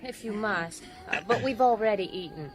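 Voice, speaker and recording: An evasive woman caught off guard, stumbling over her words in halting bursts. A busy dining-room crowd is clearly heard behind her. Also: fairly high pitch, huge pitch swings, poor audio. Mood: hesitant. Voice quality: hesitant, halting. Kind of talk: radio drama acting.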